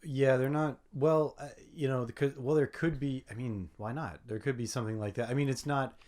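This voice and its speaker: A man co-hosting a podcast, chatting casually about tabletop games in a hesitant, halting way. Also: medium pitch, fairly even intonation, darkish tone. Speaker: podcast co-host.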